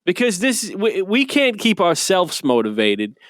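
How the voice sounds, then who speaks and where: Man, high voice, profane animated storyteller, casual podcast co-host, dry remote-call sound. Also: measured pace, dry recording. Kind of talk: casual chat.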